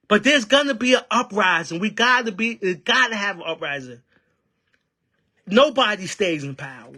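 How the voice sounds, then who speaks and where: A man with a very high, bright, forceful voice delivers fiery, preacher-like commentary about unions. A union member and activist, he packs his impassioned political talk with rhetorical questions.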